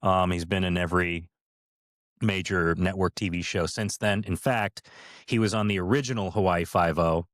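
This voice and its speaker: A man's voice: sits low, fairly even intonation, normal speed, fairly bright tone, dry recording, studio quality. A middle-aged man co-hosting a podcast, telling stories in a casual chat with many fillers and restarts. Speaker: podcast co-host, former cast member.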